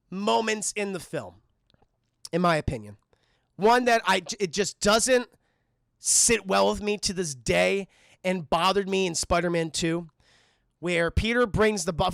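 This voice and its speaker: A young man giving a casual, excitable and profane film review on a live stream, acting out the scenes. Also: high voice, creaky, dry recording, studio quality.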